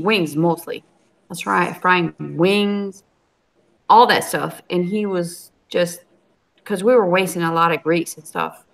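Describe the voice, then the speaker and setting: A woman's voice: lowish voice, a bit bright. A woman, a cooking channel host, chatting casually and emotionally as a guest on a live video-call stream.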